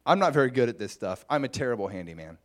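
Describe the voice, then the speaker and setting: Lively, chatty male preacher. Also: mid-range voice, rapid-fire. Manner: chatty, musing, with asides to the congregation. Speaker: pastor. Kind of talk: conversational sermon.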